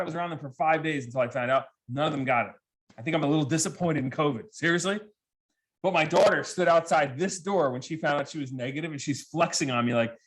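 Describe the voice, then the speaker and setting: A man in his forties giving a comedic keynote talk to students, telling stories with lively, animated delivery and acting out the voices of people he quotes. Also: a little high. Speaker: keynote speaker. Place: virtual assembly with students present.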